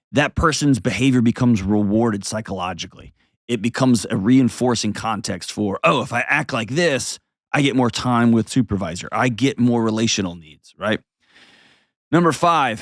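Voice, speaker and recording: Middle-aged male advice host, mid-pitched, blunt and emphatic, in a dry booth. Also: dry recording. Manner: blunt, emphatic, repeats short commands. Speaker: show host. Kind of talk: opinionated advice commentary.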